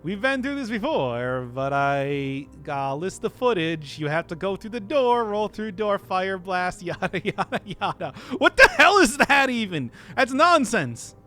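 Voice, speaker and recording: A man's voice: high-pitched, sing-song, a little slow, hardly any pauses, sharp tone, faint music behind. A male streamer chatting casually and playfully with his audience, laughing often. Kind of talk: casual live-stream chat.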